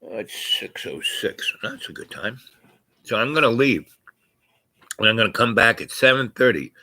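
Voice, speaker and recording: Speaking at normal speed with a medium-pitched voice that's animated, pushed and bright, a vlogger rambles casually to his audience. His story wanders with fillers and restarts, and he keeps laughing mid-sentence.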